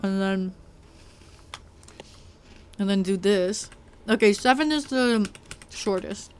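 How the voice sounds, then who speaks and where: A woman streams a video game, rambling casually to her chat and now and then talking with her mouth full. Her mid-range voice moves slowly, with soft music playing in the background. She's on a desk mic.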